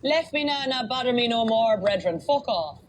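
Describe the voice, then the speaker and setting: A woman's voice: on the high side, animated, normal speed, lightly acted. A woman from Cork putting on an exaggerated Jamaican patois for a laugh. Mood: mock tough. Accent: Cork accent bending into mock Jamaican. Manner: playful, exaggerated, laughing through it. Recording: loud background noise, replayed clip.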